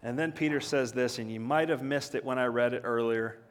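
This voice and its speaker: A man's voice: mid-range voice, fairly quick, big-room sound, slight background noise. A man, a father, preaching a sermon in an earnest, conversational way that builds to emphatic peaks. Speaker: pastor.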